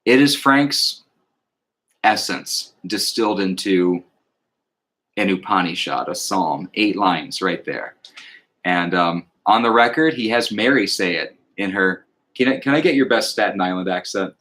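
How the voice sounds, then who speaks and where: A man with a fairly low voice talks through an album with a co-host. He is reflective and thoughtful, and he slows into a measured cadence when he recites lyrics. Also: animated, fairly bright tone. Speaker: podcast co-host. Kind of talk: casual music discussion.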